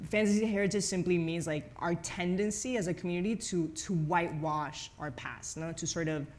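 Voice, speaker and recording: A fairly low-voiced woman in her thirties with a Spanish accent from Spain, talking through ideas as a conversation guest. She keeps checking in with "no?" and starts her sentences over as she thinks aloud. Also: steady tone, fairly quick, darkish tone. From grew up in Madrid, Spain. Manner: frequent tag "no?", many restarts. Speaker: journalist and author guest. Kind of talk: conversational book talk. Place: event stage before audience.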